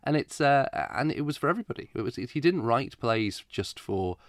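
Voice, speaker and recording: A man's voice: medium pitch, expressive, normal speed, no echo, studio quality. A middle-aged British man, a theatre director, chatting as a guest in a radio interview and laughing now and then. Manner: chatty, laughs often, restarts.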